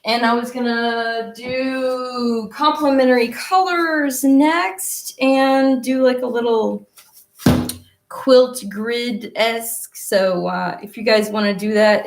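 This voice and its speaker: A woman's voice: a little high, fairly even intonation, a little slow, creaky, a little hiss or hum. A young adult woman hosting a casual live-streamed painting lesson into her laptop mic, chatty and rambling as she paints. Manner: chatty, rambling, self-talking while painting. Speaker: painting class host.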